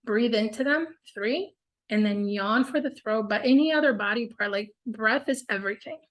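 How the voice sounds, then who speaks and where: A woman's voice: a little high, normal speed. A woman hosting a casual group coaching call, upbeat and encouraging, with a lot of "like" and "y'all".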